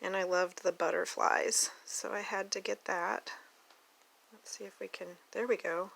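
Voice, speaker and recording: A woman's voice: mid-range voice, fairly even intonation, measured pace, creaky, fairly bright tone, poor audio. A woman from Oklahoma with an Oklahoma accent, chatting and gushing through a casual unboxing vlog at a table at home. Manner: chatty, gushing, talks to her dog. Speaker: doll collector vlogger.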